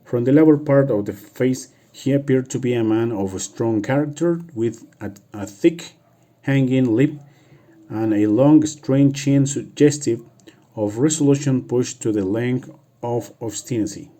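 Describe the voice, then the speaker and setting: Non-native male reader, Spanish first language; slow, very mellow tone; halting practice read with restarts. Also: medium pitch. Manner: halting, restarts and repeats words. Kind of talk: reading a novel aloud for practice.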